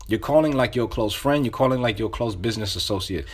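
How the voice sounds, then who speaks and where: A man's voice: fairly low pitch, fast, hardly any pauses, breathy edge. Man casually coaching phone sales. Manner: repetitive, acts out sample phone calls; loose, conversational phrasing with restarts. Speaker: sales trainer. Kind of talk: casual instruction.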